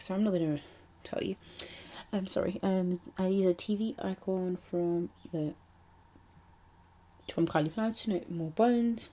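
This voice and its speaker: Soft-spoken young British woman, mellow and breathy. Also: mid-range voice, moderate pace. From United Kingdom. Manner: rambling, chatty, with many ums and asides. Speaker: planner vlogger. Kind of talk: casual voice-over narration.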